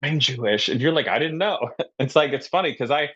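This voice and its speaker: A man's voice: a little high, animated, brisk, a bit bright, husky. Plainspoken male guest, slightly dull sound. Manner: plainspoken, easygoing, stumbles over words. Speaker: podcast guest. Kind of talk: casual banter interview.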